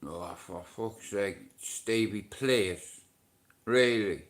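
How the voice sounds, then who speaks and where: A man's voice: on the low side, drawn-out words. A middle-aged man with a Dublin Irish accent, chatting on his livestream, swearing freely and bantering with viewers. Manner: profane, banters with chat and shouts at commenters. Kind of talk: casual livestream chat.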